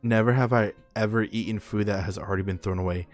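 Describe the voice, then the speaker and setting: A young man hosting a casual podcast chat, telling animated stories in slangy, profane talk. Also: on the low side, fast, faint music behind. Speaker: podcast host.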